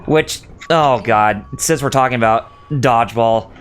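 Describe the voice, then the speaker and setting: A man's voice: medium pitch, unhurried, faint music behind. A man co-hosting a casual gaming stream, joking around and dropping into silly voices. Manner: jokey, breaks into sung bits and silly voices. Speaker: co-host. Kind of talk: casual gaming commentary chat.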